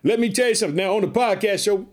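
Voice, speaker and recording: A man preaching an energetic podcast sermon, fervent and repetitive, calling his listeners family and shouting hallelujah. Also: high voice, rapid-fire. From Chicago, United States. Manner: repeats catchphrases, calls listeners family.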